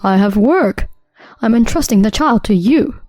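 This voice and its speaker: A woman voicing a cold, selfish husband who calmly brushes off his wife's needs. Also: on the high side, a little slow, no echo, faint music behind. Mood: dismissive. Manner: calm, dismissive.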